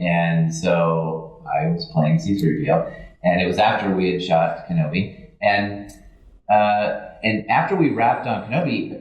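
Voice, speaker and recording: A man telling lively stories as a guest on a convention panel, acting out the lines of the people he quotes. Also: sits low. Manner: animated anecdotes, acts out quotes. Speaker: guest, suit performer. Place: convention hall room. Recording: echoey convention room.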